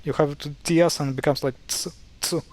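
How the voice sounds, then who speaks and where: Man, young adult, casual tutorial, wry, exasperated, halting with fillers, slightly high voice. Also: fairly even intonation, darkish tone, dry recording. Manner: wry, mildly exasperated, many fillers and restarts. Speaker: language explainer. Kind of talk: casual screen-share tutorial.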